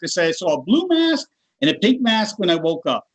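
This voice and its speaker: A man's voice: high voice, brisk, low-quality recording. A middle-aged man telling a personal story in casual conversation, acting out the voices of the people in it. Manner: animated, acts out other people's voices in his stories. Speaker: guest.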